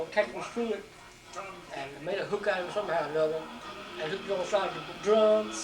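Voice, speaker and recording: Rambling older man, roomy camcorder sound. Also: sits high. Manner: rambling storytelling, quick talker. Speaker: family elder. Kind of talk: casual family chat. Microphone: camcorder microphone from across the room. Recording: roomy, distant home camcorder audio with crowd noise.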